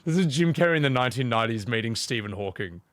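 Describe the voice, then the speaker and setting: A man's voice: mid-range voice, expressive, fast talker. A man chatting casually on a live game stream, opinionated and rambling, swearing freely.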